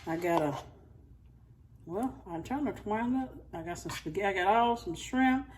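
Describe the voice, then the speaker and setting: A woman's voice: mid-range voice, animated, moderate pace, a little mellow, recorded from a distance. A woman, chatting casually to her viewers as she cooks and tastes food in her home kitchen. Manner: chatty, talks straight to viewers as y'all. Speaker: cooking vlogger. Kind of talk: casual chat while cooking and tasting.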